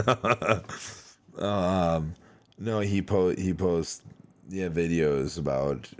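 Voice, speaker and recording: A man hosting a podcast, chatting casually and telling animated, rambling stories full of fillers. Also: low-pitched, very slow. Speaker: podcast host. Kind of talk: casual chat.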